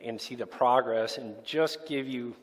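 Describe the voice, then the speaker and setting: A man leading a church interview, gently prompting his guest with a few fillers. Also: medium pitch, a little slow, big-room sound. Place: church sanctuary.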